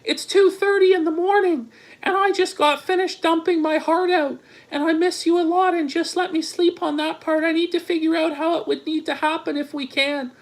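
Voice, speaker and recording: A man voicing a young woman who texts a secret lover late at night, in a high mocking read-out. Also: steady tone, normal speed, rough recording. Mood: sweet.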